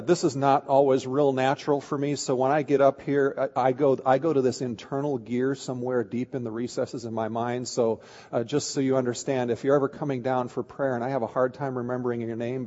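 Pastor preaching in a reverberant hall. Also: male voice, medium pitch, a little mellow. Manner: candid storytelling with frequent restarts. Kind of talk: sermon. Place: church sanctuary. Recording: dull sound with long hall reverb.

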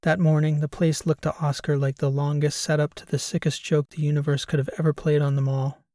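A man narrating a science fiction audiobook in a steady, even storytelling manner. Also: fairly high pitch, a little fast, no echo, studio quality. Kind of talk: scripted narration.

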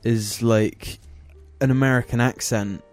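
A man's voice: medium pitch, steady tone, unhurried, darkish tone, faint music behind. A young man, chatting casually as a podcast co-host, swearing freely and using lots of fillers. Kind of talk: casual chat.

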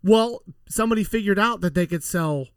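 Man, high-pitched, dry close sound, teasing, casual swearing. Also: a little fast, smooth, no room sound. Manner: teasing, tells history trivia, swears casually. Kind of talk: casual chat.

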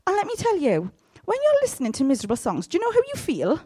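A woman giving a sermon in a humorous, conversational way, with sudden loud, high outbursts. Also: wildly swooping pitch, fast talker, dry recording. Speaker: preacher.

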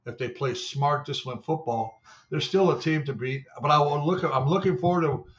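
An older Canadian man, a former player turned show analyst, rambles through salty stories in casual sports talk, mimicking others as he goes. His voice is on the high side at a moderate pace, and the recording's highs are cut off.

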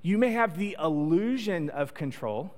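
High-voiced preacher in an echoing hall. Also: male voice, lively intonation, a little slow, a little mellow. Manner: conversational, joking storytelling preacher. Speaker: pastor. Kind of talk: sermon. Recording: long echo of a large hall.

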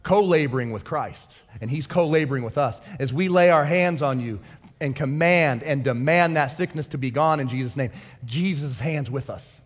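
Male pastor, excitable sermon, high voice, long reverb of a church hall. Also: moderate pace. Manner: excitable, fervent preaching.

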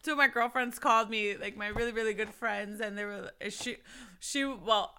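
A woman's voice: mid-range voice, normal speed, bright, forceful tone, slight background noise. A young woman hosting a faith podcast, talking earnestly and urging her listeners to keep going. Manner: earnest, preachy, urges the listener. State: recovering from losing her voice. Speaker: podcast host. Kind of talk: faith encouragement talk.

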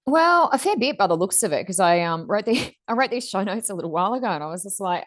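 A woman's voice: mid-range voice, lively intonation, fast, hardly any pauses. A woman, co-hosting a casual chat and talking in long rambling runs with fillers. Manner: rambling, chatty, many fillers. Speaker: podcast co-host.

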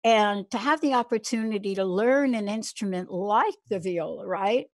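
A woman's voice: mid-range voice, moderate pace, no room sound. A woman from the Bronx hosting an interview, affirming and encouraging her guest and sharing her own experiences. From the Bronx, New York. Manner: affirming, enthusiastic listener. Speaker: interview host. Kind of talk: conversational interview.

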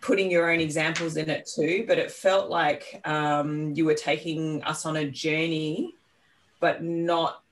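A woman's voice: sits low, little pitch movement, a little slow. An Australian woman co-hosts a podcast, winding through long, admiring thoughts with stops and restarts. Her voice comes from a little away from the mic. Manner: rambling, warm praise with laughs and self-interruptions. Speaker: podcast co-host. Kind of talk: casual interview conversation. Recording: slightly distant mic.

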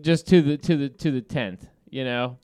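A man's voice: mid-range voice, normal speed, clean tone, no room sound, clean studio sound. A man hosting a podcast, telling a heated story with lots of swearing and laughter in casual banter. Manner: animated storytelling with profanity and laughter. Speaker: podcast host.

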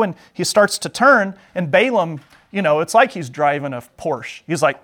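Man, fairly high voice, Sunday school teacher, chatty and joking as he retells scripture. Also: animated, moderate pace, few pauses, a bit bright. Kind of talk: Bible lesson storytelling.

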